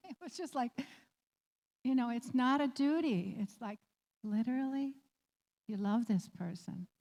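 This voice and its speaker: A woman sharing a heartfelt personal story as a guest, laughing often and growing animated as she recalls. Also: on the high side, measured pace, pauses often, in a large hall. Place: community office room.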